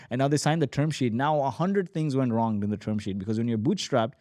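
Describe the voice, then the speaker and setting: A man in his forties, a startup founder telling his story as a podcast guest, animated and acting out quoted dialogue. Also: mid-range voice, normal speed, no room sound, studio quality. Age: 40s. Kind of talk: energetic storytelling.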